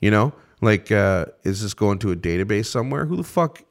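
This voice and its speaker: Man, podcast co-host, very deep voice, earnest explainer, casual cursing. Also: animated, fairly quick, vocal fry. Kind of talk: casual chat.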